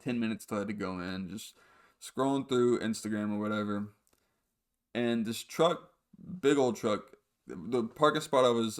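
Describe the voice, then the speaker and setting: A young man hosting a podcast, telling funny stories in a rambling, casual way with fillers and restarts. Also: fairly low pitch. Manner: rambling, laughs at his own stories, frequent fillers and restarts. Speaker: podcast host. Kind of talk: casual storytelling monologue.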